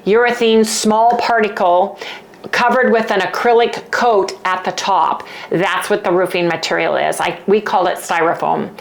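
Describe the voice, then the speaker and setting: A woman's voice: mid-range voice, steady tone, gravelly. A woman from Southern California with a Southern Californian accent, chatting casually and rambling in her home kitchen for her vlog. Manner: chatty and rambling, quick to apologize. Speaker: channel host.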